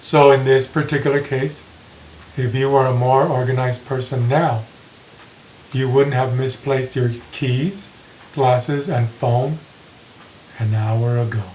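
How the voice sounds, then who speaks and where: A man teaching an English grammar lesson, reading example sentences slowly and repeating them with care. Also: medium pitch, fairly even intonation, a little mellow. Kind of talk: slow classroom grammar lesson. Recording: echoey room with faint hiss.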